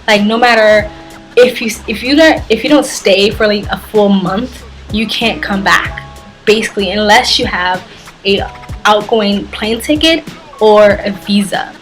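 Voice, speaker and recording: A woman's voice: mid-range voice, unhurried, faint music behind. A young woman telling a travel story on her vlog, acting out the dialogue and filling it with "like". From United States. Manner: animated retelling, heavy use of "like". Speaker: travel vlogger.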